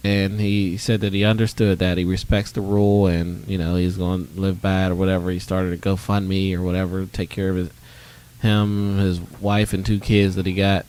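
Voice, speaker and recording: A man's voice: low voice, level tone, normal speed, a little mellow. A man co-hosting a podcast, telling a story in casual chat with lots of ums and quoted voices. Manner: rambling storytelling with many fillers and acted quotes. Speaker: podcast co-host.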